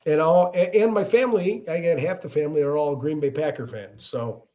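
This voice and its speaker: Hosting a laid-back livestream, this thirtysomething from the Chicago area talks with a local accent in a warm, somewhat high voice that moves fairly quickly. He answers viewer comments and frequently starts over mid-thought.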